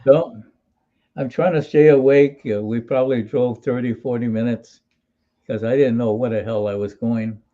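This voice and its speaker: A man's voice: mid-range voice, fairly even intonation, normal speed, dark tone, muffled recording. Older man telling wry stories. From Hawaii. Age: 80s. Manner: folksy, wry anecdotal telling with restarts. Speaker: interview guest, military veteran. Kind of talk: storytelling in an interview.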